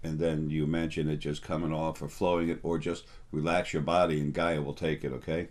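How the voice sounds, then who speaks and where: A man's voice: rumbling low, flat delivery, a little fast, few pauses. A middle-aged man giving a casual, rambling spiritual talk, full of fillers and restarts. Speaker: spiritual teacher.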